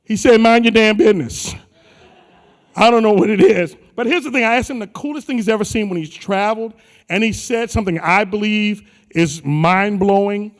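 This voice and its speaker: A man's voice: sits high, moderate pace. A man emceeing a conference on stage, teasing the crowd in a playful, slangy way. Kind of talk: joking crowd work on stage. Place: large conference hall. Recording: live hall with long reverb.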